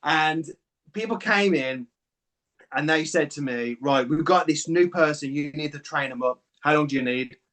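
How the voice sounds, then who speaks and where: A man speaks as an interview guest, recounting his path with open emotion and the odd casual swear. His voice sits a touch higher than most men's. He tells it in an animated, heartfelt way. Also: normal speed. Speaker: SMP artist and clinic owner, guest. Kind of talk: candid interview storytelling.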